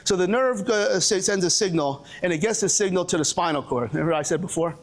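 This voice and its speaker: A man's voice: high-pitched, animated, fast talker. A man from Brooklyn with a Brooklyn accent, presenting to a live audience, joking and restarting sentences, calling on people in the room. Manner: joking, with frequent restarts and audience call-outs. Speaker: presenter at a coaching seminar. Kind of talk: animated live seminar talk.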